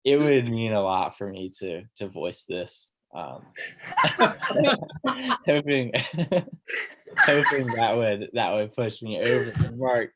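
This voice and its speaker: A man's voice: medium pitch, expressive, takes it slowly, a bit bright, slight background noise. A young man, a voice actor guest, telling a story in casual chat and laughing often.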